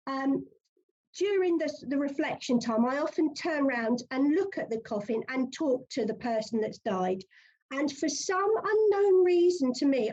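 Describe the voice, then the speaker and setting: A woman with a high voice telling a story as an interview guest, chatty and laughing often. The audio is dull and muffled. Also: a little mellow. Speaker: funeral celebrant, interview guest. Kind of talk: conversational interview.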